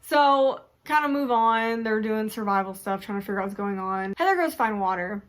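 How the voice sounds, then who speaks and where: In casual conversation, a young adult woman reviews a book with medium pitch at a moderate pace. She's chatty and animated, often laughing and dramatizing her own reactions.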